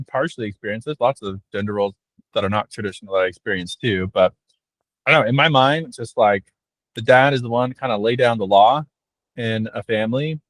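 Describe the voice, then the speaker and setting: A man's voice: fairly low pitch, no room sound. A man in a casual panel chat over a video call, thinking aloud in a rambling, reflective way.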